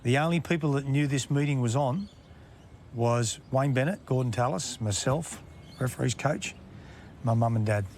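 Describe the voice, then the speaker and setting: A man, a former referee telling stories in a relaxed interview and chuckling at his own anecdotes. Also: mid-range voice, normal speed, a little hiss or hum. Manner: laid-back yarn-spinner, acts out quotes, chuckles. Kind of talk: casual storytelling interview.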